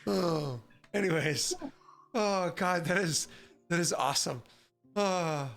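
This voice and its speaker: Game master, chatty, laughing, self-mocking, voice call, mid pitch. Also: slow, gravelly, crowd noise. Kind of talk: casual chat over a voice call.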